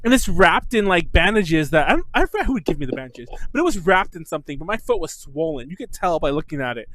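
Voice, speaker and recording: A man hosting a podcast, telling a story in casual chat, animated and swearing often. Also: a little high, quick pace, no echo. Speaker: podcast host.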